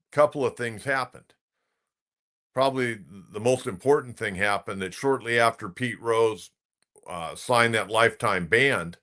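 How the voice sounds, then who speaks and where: A man's voice: on the low side, a bit bright. A middle-aged man, a sports talk radio host, telling a rambling baseball anecdote in casual commentary.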